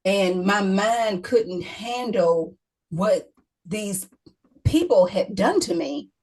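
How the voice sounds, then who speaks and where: A woman's voice: mid-range voice, animated, slow, darkish tone, poor audio. A middle-aged woman, a guest author, telling an emotional personal story in an interview, often repeating herself and quoting others.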